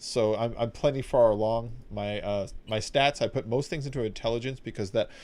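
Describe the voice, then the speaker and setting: A man streaming a video game, chatting casually in a rambling, profane, animated way. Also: medium pitch, brisk. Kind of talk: casual gameplay commentary.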